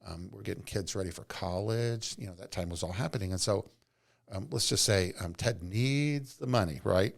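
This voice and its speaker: A man's voice: fairly low pitch, moderate pace, gravelly. A middle-aged man, a podcast guest, telling earnest, rambling stories from his working life. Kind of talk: casual storytelling interview.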